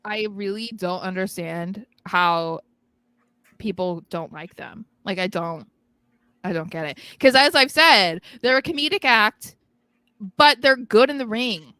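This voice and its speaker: A young woman chats excitedly on a podcast, often giggling and rambling as she gets carried away. Her voice is bright and forward. The sound is dry and close. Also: mid-range voice, a little slow, clear, resonant tone, no room sound. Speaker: podcast co-host. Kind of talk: casual chat.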